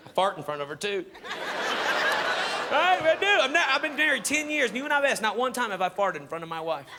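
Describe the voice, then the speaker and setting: A middle-aged man doing stand-up comedy, animated and dropping Spanish phrases into English, swinging from shouts to a hush. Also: high voice, rapid-fire. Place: comedy stage before live audience. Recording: live club, crowd laughter and noise.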